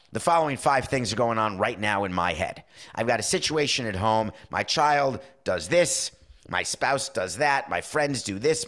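A man's voice: on the low side, fairly bright tone. Wry man hosting a sports talk show. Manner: wry, conversational, acts out quick quoted exchanges. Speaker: podcast host. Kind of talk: casual sports talk monologue.

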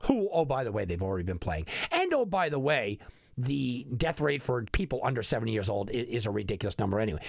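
Male podcast host, sarcastic ranting delivery, gravelly voice, dry close mic. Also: mid-range voice, big pitch swings, quick pace, dry recording. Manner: exasperated, sarcastic, emphatic repetition. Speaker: sports betting podcast host. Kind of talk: animated opinion monologue.

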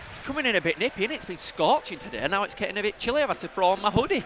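High-voiced joking man. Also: very animated, rapid-fire, noisy background. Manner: joking, crude asides, shouts at play. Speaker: podcast co-host. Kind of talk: casual match-day banter. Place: outdoors at a football stadium.

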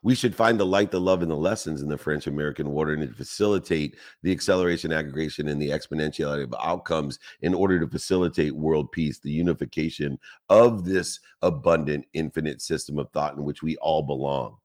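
A man's voice: rumbling low, brisk, hardly any pauses, a little mellow. A man giving a motivational talk, speaking with emphatic rhetorical questions and long repetitive lists.

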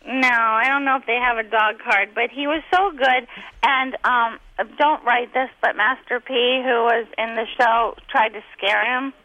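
High, bright-voiced chatty woman. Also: fairly even intonation, normal speed, dry recording, poor audio. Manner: chatty, rambling and giggly. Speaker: guest comedian. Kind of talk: casual chat, anecdotes.

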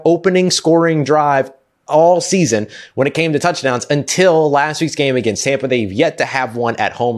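Man, sports podcast host, emphatic, structured breakdown, mid-pitched voice. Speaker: podcast host, guest analyst. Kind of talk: prepared sports analysis segment.

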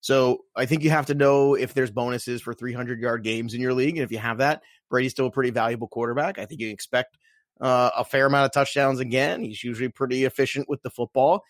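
Male podcast co-host, animated and playful, dry close mic, quick casual delivery. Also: mid-range voice, no room sound. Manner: animated, playful hype with filler words. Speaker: fantasy football podcast co-host. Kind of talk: casual chat.

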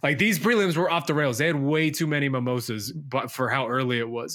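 Male co-host, mid-pitched, excitable, rambles and restarts. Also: a little fast. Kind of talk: post-fight analysis chat.

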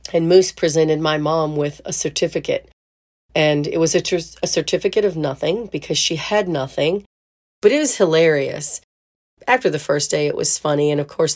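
A woman's voice: deep voice, a little mellow. A woman hosting a podcast, telling a story in a chatty way and laughing as she goes. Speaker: podcast host. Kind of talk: casual storytelling monologue.

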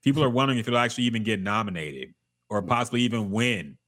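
A man with a slightly low voice co-hosts a laid-back podcast, talking bluntly and swearing freely as he reacts to clips. His delivery is loose and conversational. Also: quick pace, a bit bright. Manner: profane, blunt, laughing commentary. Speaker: podcast co-host. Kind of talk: casual reaction chat.

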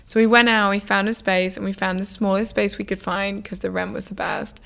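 A young woman, a food business founder, telling stories in a casual interview in a chatty, lively way, acting out what people said. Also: medium pitch, fairly quick, creaky, clean tone. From United Kingdom. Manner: chatty, lively, many "like" fillers, acts out quoted dialogue.

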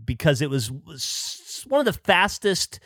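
Wry, lively-voiced man. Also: fairly high pitch, measured pace, no echo, studio quality. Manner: wry, teasing, laughs often. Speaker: podcast co-host. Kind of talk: casual chat. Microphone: studio mic, remote recording.

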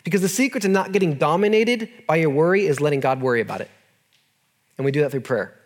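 A man's voice: on the high side, lively intonation, fast talker. A young man preaching a sermon in a casual, earnest way to a group in a room. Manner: casual, earnest, talks to listeners as "dude". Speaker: youth pastor.

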